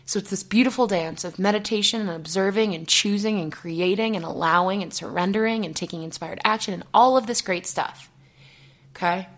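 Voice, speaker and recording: A woman's voice: medium pitch, fairly quick, fairly bright tone. A young woman hosting a solo podcast, talking earnestly and rambling, with frequent "okay?" check-ins and nervous giggles. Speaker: podcast host and coach. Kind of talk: casual solo podcast monologue.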